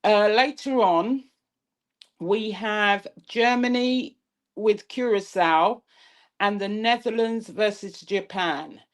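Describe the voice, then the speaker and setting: A woman co-hosting a live-stream political commentary show, speaking in a measured, pointed way. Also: mid-range voice. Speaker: co-host.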